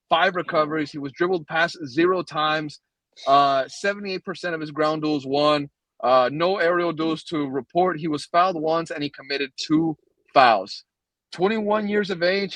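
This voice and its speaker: A man's voice: a little high, a bit bright, no echo, poor audio. A man co-hosting a soccer podcast, emphatic and fired-up, often calling his co-host brother. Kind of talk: passionate soccer podcast commentary.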